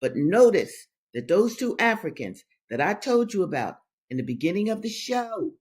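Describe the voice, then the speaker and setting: Her voice sits on the low side, a little mellow and husky, and she is very animated, speaking at a moderate pace with few pauses. As host of a reading show, she reads aloud and comments, repeating phrases for stress and speaking straight to listeners as brothers and sisters.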